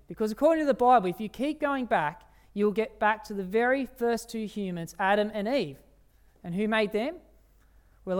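During an evening sermon, a preacher uses a smooth, resonant voice of medium pitch. He delivers it emphatically, drawing out the key phrases slowly and posing rhetorical questions to his hearers.

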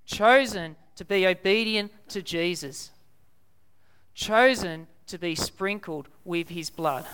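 A young Australian man preaching a sermon, stressing key words by repeating them slowly. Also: high-pitched, bright, forceful tone, clean tone.

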